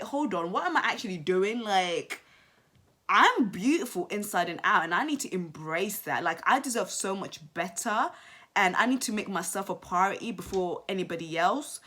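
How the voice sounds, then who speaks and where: A young woman commenting on a reality TV episode to her channel viewers, chatty and animated, repeating herself and saying "like" often. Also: medium pitch. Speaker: YouTube reality show commentator. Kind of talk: casual commentary to camera.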